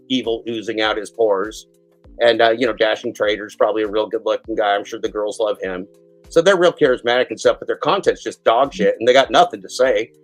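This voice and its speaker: A man's voice: on the low side, rough recording. A man hosting a live stream, ranting heatedly and swearing, mimicking the people he criticizes. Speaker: show host.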